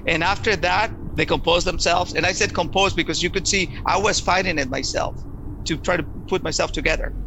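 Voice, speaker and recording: A man telling a personal story in an earnest, halting way, often repeating words as he goes. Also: high-pitched, background noise. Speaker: storyteller giving a personal testimony.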